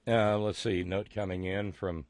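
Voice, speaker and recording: A man's voice: low-pitched, level tone, a little slow, darkish tone, dry recording. A man hosting a live talk show, reading listener messages aloud in a rambling, sardonic way with plenty of fillers. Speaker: show host.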